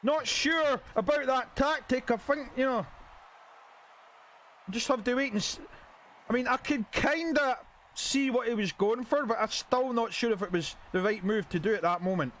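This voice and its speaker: A man giving excitable play-by-play commentary on a wrestling video game, with chatty asides to viewers. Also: very high-pitched, normal speed, a little hiss or hum.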